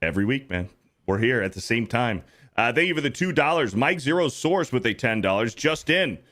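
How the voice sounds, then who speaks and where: Male stream host, jokey, plain mid pitch, reads viewer donations in casual chat. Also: lively intonation, a little fast, fairly bright tone. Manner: reads donation messages aloud, joking. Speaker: livestream host reading donations.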